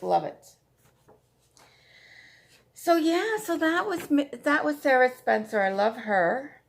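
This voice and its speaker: Casting note: woman, crafting vlog host, unhurried and gravelly, gushy and repetitive. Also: fairly low pitch. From Canada. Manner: chatty, gushing, repeats herself. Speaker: flosstube host. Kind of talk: casual show-and-tell chat.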